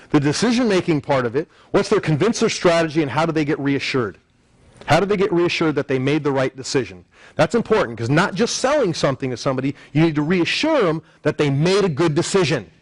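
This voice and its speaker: A man who works as an NLP sales trainer teaches a live sales seminar, animatedly acting out phone calls in quoted voices as he explains. His voice is on the high side, with no echo, in a low-quality recording.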